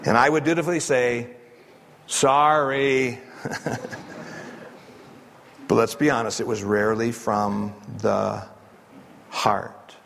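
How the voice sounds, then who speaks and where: A man's voice: fairly low pitch, steady tone, slow pace, creaky, pauses often, long reverb tail, slight background noise. A man preaching a sermon as pastor, telling a parable in a casual, conversational storytelling way and acting out the quotes.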